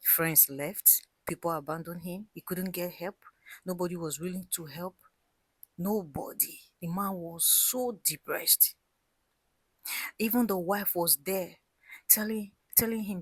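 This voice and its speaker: Husky-voiced woman telling a cautionary tale. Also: lowish voice, measured pace, dry recording. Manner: earnest and emphatic, dropping to a whisper for stress; addresses listeners directly, repeats words for emphasis. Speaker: storyteller giving relationship advice. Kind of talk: storytelling monologue with life advice.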